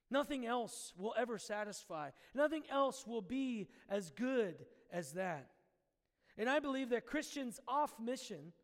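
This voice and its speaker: A man's voice: high voice, long reverb tail. A man preaching a sermon, praying and then telling a story in an earnest storytelling manner. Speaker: pastor. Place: church sanctuary.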